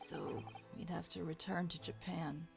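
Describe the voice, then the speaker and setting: A woman voicing a nervous young male law student, speaking softly and hesitantly. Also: on the low side, steady tone, a little slow, gravelly, music in the background.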